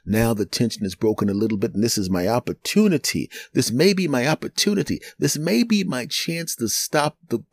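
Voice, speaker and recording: A middle-aged man, a podcast host and comedian, telling a story in an animated, chatty way with chuckling asides. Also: medium pitch, a little fast, hardly any pauses, dry recording. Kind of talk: storytelling monologue.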